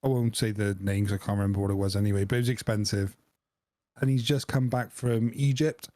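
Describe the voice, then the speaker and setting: A man's voice: fairly low pitch, fairly even intonation, brisk, darkish tone, no echo. A man, co-hosting a podcast in a jokey, laughing chat. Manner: jokey, laughs often, acts out voices in anecdotes. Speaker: podcast co-host. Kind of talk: casual chat.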